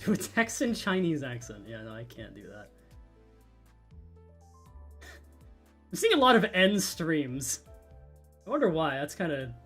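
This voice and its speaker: A man's voice: a little high, sing-song, unhurried, pauses often, a bit bright. A man streamer chatting casually, reading chat aloud and joking. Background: faint music.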